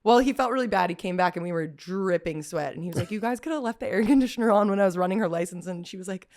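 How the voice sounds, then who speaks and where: A woman, hosting a podcast and telling a story in casual chat, acting out quotes with big jumps in her voice. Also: very fast. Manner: animated, acts out quotes with big pitch jumps, laughs often. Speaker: podcast host.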